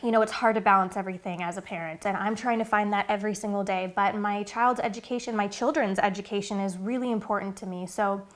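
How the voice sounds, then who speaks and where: A woman's voice: medium pitch, fairly even intonation, quick pace, few pauses. A woman in her thirties talking casually to camera about her family's routine, earnest and chatty with many fillers. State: getting emotional, near tears. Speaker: vlogger and mother.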